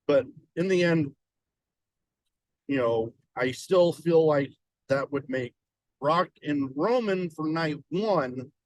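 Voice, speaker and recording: Slow-talking man musing casually. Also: on the high side, lively intonation, a little mellow, no echo, rough recording. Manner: musing, hesitant, swears casually. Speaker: podcast co-host. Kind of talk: casual chat.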